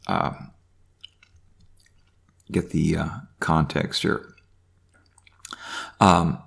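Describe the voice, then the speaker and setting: Gravelly man teaching Bible verses. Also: low-pitched, fairly bright tone. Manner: reads verses aloud, then comments with restarts. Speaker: preacher.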